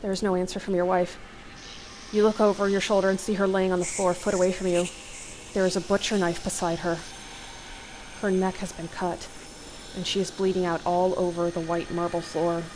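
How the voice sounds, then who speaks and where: A woman's voice: lowish voice, level tone, fairly quick, darkish tone, a little hiss or hum, rough recording. A young woman hosting a let's play, reading an interactive horror novel aloud into a desk mic, breaking her dramatic reading with startled gasps and comments. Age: young adult.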